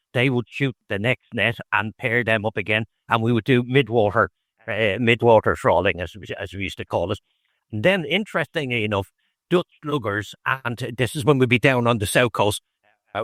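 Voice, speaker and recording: A man's voice: medium pitch, a bit bright, no echo. Irish man telling rambling fishing stories. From Ireland (Howth). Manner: meandering anecdotal storytelling with frequent restarts. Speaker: guest, fisherman turned distiller. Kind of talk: casual conversation.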